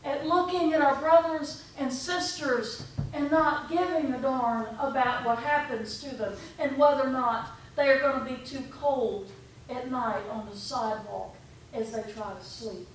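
A woman's voice: high voice, measured pace. Woman preaching in an echoey hall. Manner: conversational storytelling preaching, quoting her own talks. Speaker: pastor. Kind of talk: sermon. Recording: echoey room from far off, faint background noise.

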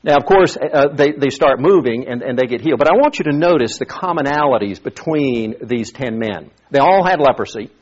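A man's voice: medium pitch, animated, brisk, few pauses, slightly rough. A pastor preaching a sermon in a conversational way, often repeating words as he thinks. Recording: dull lo-fi sound.

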